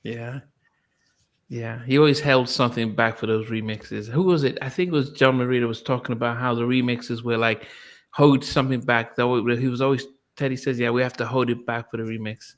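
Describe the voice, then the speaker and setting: A man's voice: mid-range voice, fairly even intonation, fairly quick. A man co-hosting a podcast in casual chat, who laughs often and repeats words as he talks.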